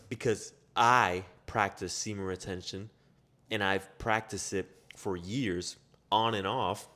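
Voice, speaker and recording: Man, motivational speaker, blunt, swears freely, rapid rhetorical questions, lowish voice. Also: fairly bright tone. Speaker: self-improvement speaker. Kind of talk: motivational monologue.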